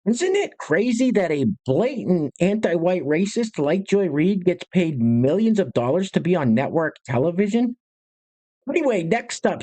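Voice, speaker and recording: A man's voice: sits high, a little mellow. A man hosting a commentary video, introducing clips with sarcastic, sneering asides. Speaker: commentary channel host.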